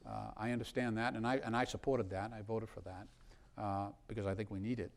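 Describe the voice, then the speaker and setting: A man's voice: on the low side, steady tone, brisk. Middle-aged guy, congressman telling a long campaign story, lots of so so so restarts. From South Boston. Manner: rambling anecdotes with many restarts. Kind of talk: storytelling in a live interview.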